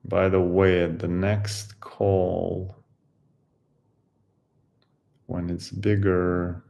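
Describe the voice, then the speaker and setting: A man with a very low, gravelly voice talks his way through code at an unhurried crawl. He muses and halts often, trails off into fillers and picks the thought back up. Keyboard typing sits behind him. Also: flat delivery, a little mellow. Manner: halting, musing, many pauses and fillers. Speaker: coding tutorial host. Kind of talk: thinking aloud while coding.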